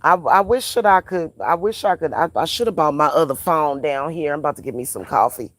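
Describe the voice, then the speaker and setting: A woman's voice: low-pitched, animated, fairly quick, dry recording. A woman vlogger ranting casually at home, blunt and profane, repeating phrases for emphasis. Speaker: spiritual reader and vlogger.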